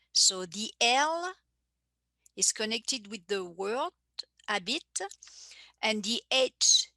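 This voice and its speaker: Slow, bright-voiced teacher woman. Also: medium pitch, no echo. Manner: slow, careful, repeats phrases for learners. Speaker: French teacher. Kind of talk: live online language lesson.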